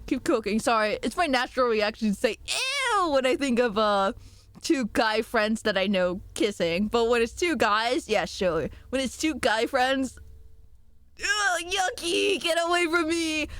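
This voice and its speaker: A young woman streams and talks casually with her viewers, giggling often. Her voice sits a little high and leaps around with lively swings of pitch. The sound is dry and close, with no room around it. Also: no echo. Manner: giggly and animated, quick jumps in pitch. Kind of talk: casual chat reading viewer messages.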